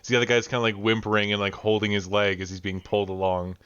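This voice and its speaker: Game master, male, low voice, dry and dull call audio. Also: little pitch movement, quick pace, a bit bright, clear, resonant tone, no echo. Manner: casual, with fillers and restarts. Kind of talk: narrating a tabletop game. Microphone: video call.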